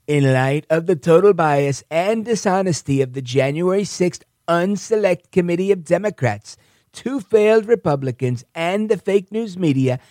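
Male host does a blustering older politician impression, pitched up, emphatic. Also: a little mellow, no room sound, studio quality. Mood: boastful. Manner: bombastic, emphatic.

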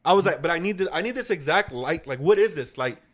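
A man's voice: a little high, fast. A young man co-hosting a casual podcast chat, telling a story with lots of swearing and acted-out quotes. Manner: animated, profane, acts out quotes. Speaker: podcast co-host.

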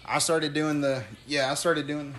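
A man's voice: a little high, little pitch movement, a little slow, background noise. A man co-hosting a casual podcast chat, adding to a story and laughing along. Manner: chiming in, laughing. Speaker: podcast co-host.

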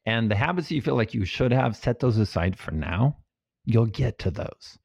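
A man being interviewed as a guest researcher, explaining ideas in a calm, practical and lightly playful way. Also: medium pitch, normal speed, creaky, husky, dry recording, muffled recording.

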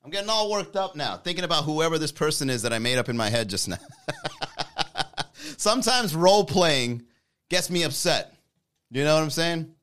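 This man hosts a live comedy podcast in a high-ish, very animated, slightly bright voice, keeping a moderate pace with frequent pauses. He rambles and jokes about his sketch ideas, often mocking himself.

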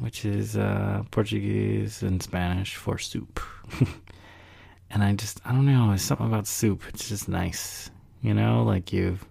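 A man's voice: on the low side, vocal fry, warm tone, slightly rough. A man hosting a solo podcast, talking in a rambling, reflective way with sighs and small laughs. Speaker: podcast host. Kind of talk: casual solo podcast monologue.

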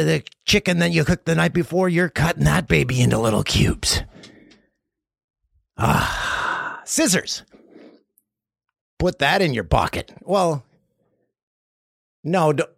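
A man's voice: a little high, creaky, no echo, studio quality. A man hosting a podcast, from Canada, telling rambling jokey stories in a casual comedic monologue. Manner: rambling, jokey storytelling with lively swings. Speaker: podcast host.

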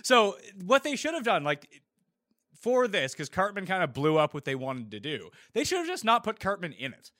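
Animated, bright-voiced man giving blunt opinions. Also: high voice, normal speed. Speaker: podcast co-host. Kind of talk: casual chat.

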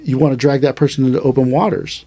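A man who teaches a traditional martial art, explaining in a casual podcast conversation. He talks animatedly and thinks aloud, with restarts and quick asides. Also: medium pitch, mellow.

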